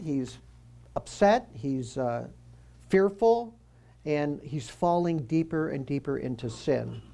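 A man's voice: medium pitch, gravelly, warm tone. A man giving a conversational Bible teaching. He quizzes his listeners and drops joking asides as he walks through the passage.

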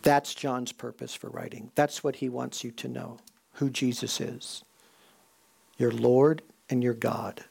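A man preaching in a relaxed, conversational way, easing his pace to drive points home. His mid-range voice has a gravelly fry running through it. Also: mid-range voice. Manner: conversational preaching, slows for emphasis. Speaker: pastor. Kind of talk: sermon.

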